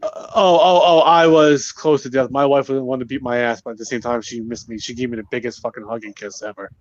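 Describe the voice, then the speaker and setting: A man from Rhode Island telling a story among friends in casual chat, swearing freely and with lively delivery. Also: medium pitch, quick pace, dull audio.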